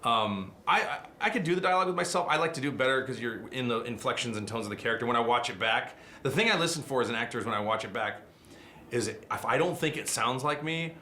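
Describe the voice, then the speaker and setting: A middle-aged man, a voice actor, telling animated stories in a casual interview. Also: medium pitch, slight background noise. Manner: fast, animated anecdotes with quick asides.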